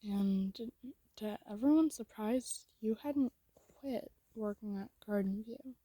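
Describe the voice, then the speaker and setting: Whispered role-play narrator, woman, soft and intimate, dark and mellow tone, dry sound. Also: mid-range voice, takes it slowly, dry recording. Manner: soft and intimate, second-person storytelling.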